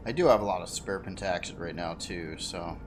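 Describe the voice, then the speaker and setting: A man's voice: low voice, a little fast, a little hiss or hum. A man chatting casually while playing a game, easygoing and laughing often. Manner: easygoing, laughs often, flares up when frustrated. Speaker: game streamer. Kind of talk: casual gameplay chat.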